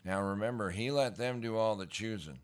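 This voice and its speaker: A man's voice: on the low side, brisk. A middle-aged man preaching a casual sermon, telling scripture stories in folksy slang and building to emphatic bursts.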